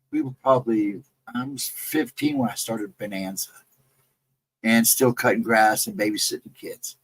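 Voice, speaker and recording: A man's voice: medium pitch, husky, low-quality recording. A man casually recounting his own ghost encounters in a rambling, self-correcting way. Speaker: guest storyteller.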